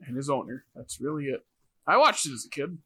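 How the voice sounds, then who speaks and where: A man's voice: medium pitch, expressive, a little fast, sharp tone, husky, no room sound. A man co-hosting a podcast in casual chat, playful and a bit hammy. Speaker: podcast co-host.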